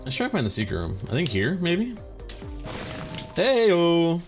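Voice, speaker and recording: Man, gaming commentary, swinging pitch, rambly and profane, faint game music behind. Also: wildly swooping pitch, measured pace. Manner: rambling, profane, with many filler words; mock-serious swagger mixed with jokes. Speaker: let's play host.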